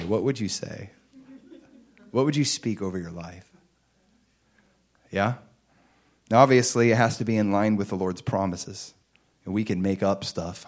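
A man preaching a sermon, reading scripture aloud and building to loud, emphatic lines. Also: lowish voice, moderate pace, long pauses. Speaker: pastor.

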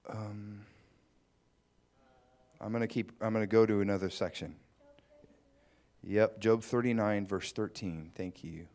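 A man's voice: fairly low pitch, fairly even intonation, a little slow, long pauses, darkish tone. A man preaching a conversational sermon, musing aloud with asides to the congregation. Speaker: pastor.

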